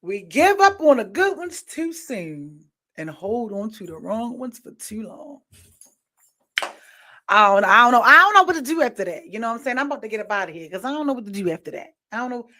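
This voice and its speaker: A woman podcast host in casual commentary, animated and preachy, rambling with slang. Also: fairly high pitch, fairly quick.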